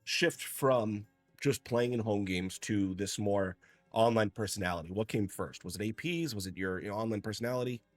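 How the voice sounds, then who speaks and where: A man hosting an interview, asking relaxed, halting questions with restarts. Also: lowish voice, no room sound, soft background music. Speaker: interview host. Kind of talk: casual interview.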